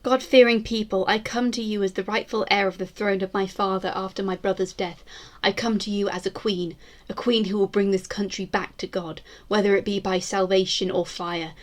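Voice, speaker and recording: A woman putting on a zealous Tudor queen with a voice, proud and vengeful. She declaims in grand, stately lines of mid pitch, building toward fury as she swears oaths. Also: fairly even intonation, normal speed, close to an everyday voice. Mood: commanding.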